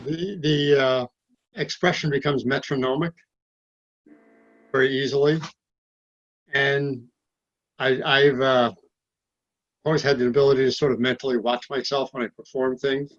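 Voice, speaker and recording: A man shares his reflections haltingly, with a touch of dry humor. His voice comes through muffled over a video call. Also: mid-range voice, steady tone. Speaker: workshop participant.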